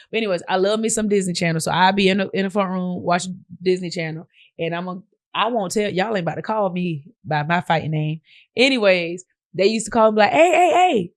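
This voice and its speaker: A podcast host with a Southern US accent and a fairly low voice chats casually in a monologue, speaking straight to her audience as "y'all." The recording is dry and studio quality.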